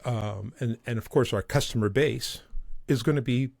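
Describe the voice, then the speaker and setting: Animated storytelling man from Montreal, dry sound. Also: normal speed, creaky, no echo. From Montreal, Canada. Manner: animated, acts out quoted voices in a higher pitch. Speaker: guest. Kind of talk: conversational storytelling.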